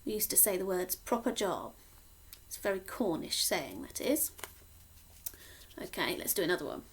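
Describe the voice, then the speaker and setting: A woman teacher from Cornwall slowly sounding out words in a sing-song phonics lesson for young children. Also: fairly low pitch, big pitch swings. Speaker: primary school teacher.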